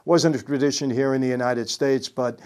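A man's voice: medium pitch, fairly even intonation, normal speed, darkish tone. Older man casually retelling a film scene. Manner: conversational, storytelling with paraphrased quotes. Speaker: host recounting a film scene. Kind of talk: casual commentary.

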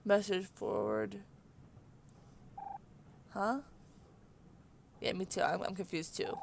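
A young woman commentating on a video game as she plays, chatty and excitable, talking into a desk mic. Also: mid-range voice, slow, creaky, pauses often, slight background noise. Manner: excitable, chatty, reads game dialogue aloud. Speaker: let's play host. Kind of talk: casual gameplay commentary.

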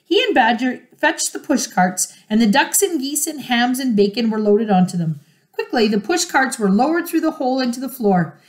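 A woman reading a children's storybook aloud in an expressive, measured way. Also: on the high side. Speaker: storybook reader.

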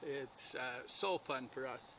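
A man's voice: medium pitch, takes it slowly, bright, forceful tone, a little hiss or hum. A man who breeds dogs, talking casually to the camera outdoors in the snow while calling his dogs over. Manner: calls and coaxes dogs in between talking to the camera. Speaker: dog breeder. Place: outdoors at a kennel in light snow. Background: dogs barking.

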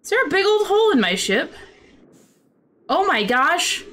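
Excitable high-voiced woman gamer. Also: slow pace, pauses often, slight background noise. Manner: excitable, startled, laughing and flustered. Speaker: gaming streamer. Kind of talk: casual let's-play commentary.

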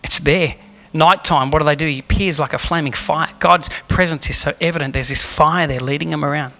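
A man's voice: a little high, a little fast, sharp tone. A man preaching a sermon as pastor in a church, earnest and emphatic, asking the room rhetorical questions. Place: church hall.

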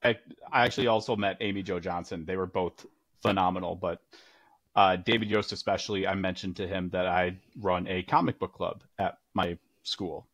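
A man's voice: deep voice, fairly even intonation, normal speed, a bit bright, dry recording. A man, a teacher, speaking as a podcast guest in an easygoing, hesitant way with many fillers. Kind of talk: casual interview chat.

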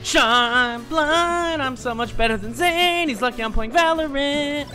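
Brash, bright-voiced male streamer. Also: extremely high pitch, a little slow, soft background music. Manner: brash, profane trash talk. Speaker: game streamer. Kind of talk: casual live-stream gameplay chat.

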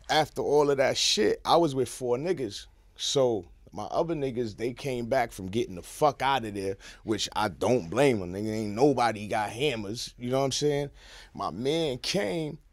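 A man telling a story in a casual podcast interview, swinging from hushed to shouting. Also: fairly low pitch, no echo. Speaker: guest. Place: podcast studio.

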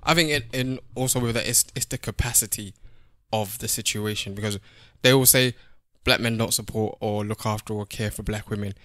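A man's voice: on the low side, steady tone, fairly quick, bright, forceful tone, dry recording, clean studio sound. A man co-hosting a podcast, questioning and reasoning things through aloud. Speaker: podcast co-host. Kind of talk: casual debate chat.

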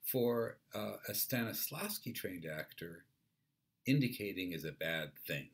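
A man giving a university lecture on theatre in a clear, measured, explanatory way. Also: sits low, expressive.

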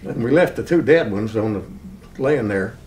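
An older man from Texas recounts his memories in a plain, unhurried way and chuckles now and then. His voice sits at an ordinary middle pitch. He is a little distant from the microphone, and faint hiss runs underneath. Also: expressive, a little mellow. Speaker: interviewee, war veteran. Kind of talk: oral history storytelling.

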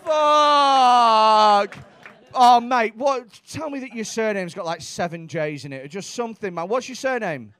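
A man's voice: sits high, expressive, a little fast, hardly any pauses. A young man doing stand-up crowd work, brash and teasing, with plenty of swearing, on a comedy club stage. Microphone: handheld stage mic.

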